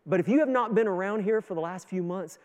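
A man with a Canadian accent preaching a sermon as pastor, his voice swelling loud and then dropping low. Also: quick pace. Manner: preaching with strong rises and drops in loudness; sings a hymn line with the congregation. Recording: long hall reverb.

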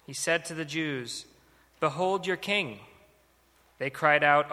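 A man giving a measured, steady reading of scripture. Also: a little high. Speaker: scripture reader. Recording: long hall reverb.

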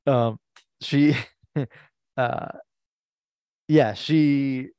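A man co-hosts a relaxed podcast, with an ordinary middle-pitched voice. He rambles, restarts his sentences and laughs easily. The sound is close-miked and dry. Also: very slow, smooth, no room sound. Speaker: podcast co-host. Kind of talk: casual chat reviewing comedy.

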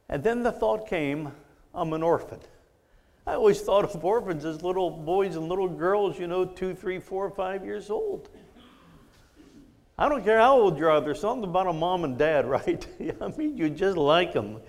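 A middle-aged man preaching a sermon, telling a personal story and reading scripture in an earnest way. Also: sits high. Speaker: pastor.

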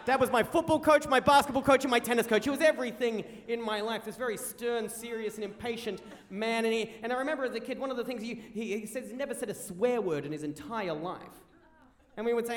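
A young Australian man telling an animated stand-up story on stage, raising his voice at the punchlines. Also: very high-pitched, fast. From rural South Australia. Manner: animated, rising to shouts at punchlines. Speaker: stand-up comedian. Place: live comedy venue. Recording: roomy live venue.

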